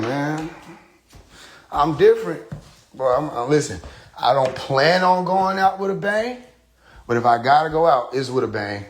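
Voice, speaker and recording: A man talking on a phone livestream in a loose, animated rant, swearing freely and laughing at his own jokes. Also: fairly high pitch, slight background noise. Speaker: live streamer.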